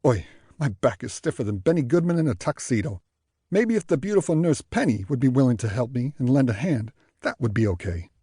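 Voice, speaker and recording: A man's voice: medium pitch, big pitch swings, breathy edge, dry recording, studio quality. Man doing a grumpy old New York jazzman. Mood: grumbling. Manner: loud, grumbling, quick retorts.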